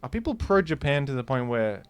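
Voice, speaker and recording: A man's voice: medium pitch, sing-song, a little fast, clear, resonant tone. A man hosting a gaming video, giving casual, rambling commentary with a joking, incredulous manner. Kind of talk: casual commentary while playing.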